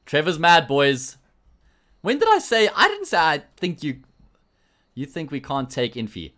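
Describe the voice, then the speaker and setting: Bantering South African esports caster. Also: male voice, fairly high pitch, huge pitch swings, a little slow, fairly bright tone. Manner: jokey, rambling banter with frequent restarts. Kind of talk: solo livestream commentary, chatting with viewers.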